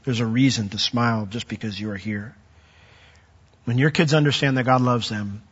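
A man's voice: medium pitch, husky. A middle-aged man preaching a sermon as pastor, conversational with dry, wry humor. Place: large church sanctuary. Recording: dull lo-fi sound with long hall reverb.

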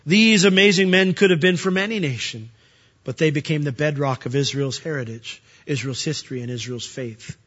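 A man's voice: fairly high pitch, normal speed, a bit bright, lo-fi sound. A man preaching a verse-by-verse sermon in a conversational way, asking his listeners questions as he explains the text. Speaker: pastor.

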